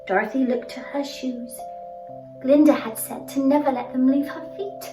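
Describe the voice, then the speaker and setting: A woman telling a children's story with dramatic, expressive narration. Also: high-pitched, normal speed. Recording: roomy, distant, music behind.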